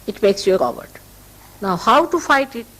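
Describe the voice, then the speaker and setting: A woman's voice: mid-range voice, animated, normal speed, a bit bright, low-quality recording. An older woman with an Indian accent giving a spiritual talk to followers, emphatic and repeating key phrases for stress. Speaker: spiritual teacher.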